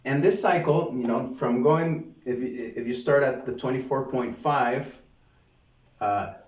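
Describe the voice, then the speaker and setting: A man giving an online lecture, halting often and repeating words as he gropes for the phrase. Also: medium pitch. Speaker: course lecturer. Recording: roomy sound from a distance.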